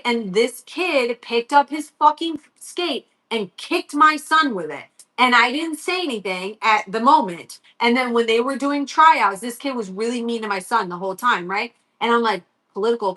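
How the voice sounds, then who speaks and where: A woman's voice: fairly high pitch, sharp tone. A woman in her thirties hosting a livestream, telling a story in a blunt, worked-up rant full of swearing. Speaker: livestream host.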